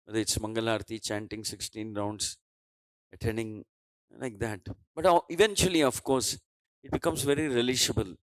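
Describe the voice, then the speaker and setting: A man's voice: on the low side, normal speed, no room sound, poor audio. A man with an Indian English accent giving a devotional scripture class, telling a story and voicing its dialogue with many restarts and fillers.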